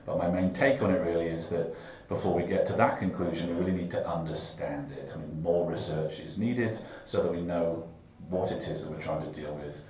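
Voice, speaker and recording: A man on a conference panel introducing himself, measured and thoughtful with many fillers. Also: extremely low pitch, warm tone, recorded from a distance. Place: big conference room. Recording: echoey conference room.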